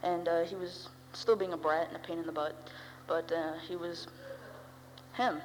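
Teen girl, lower-pitched, wry rambling testimony; long hall reverb, faint hum. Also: fairly even intonation, normal speed. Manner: rambling, wry, full of "you know" and "uh". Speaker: speaker sharing her story. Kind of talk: personal recovery testimony.

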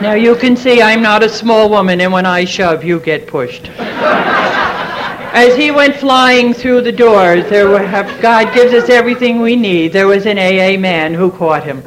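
A woman's voice: mid-range voice, noisy background. Earnest middle-aged woman telling her story. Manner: earnest, heartfelt storytelling with repeated phrases. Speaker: speaker sharing her story at a recovery meeting. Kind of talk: personal testimony talk.

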